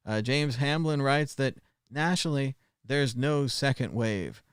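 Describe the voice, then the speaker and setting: A man's voice: mid-range voice, clear, resonant tone, dry recording, studio quality. A man hosting a casual news commentary livestream, chatty and sarcastic, with lots of filler sounds. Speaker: show host.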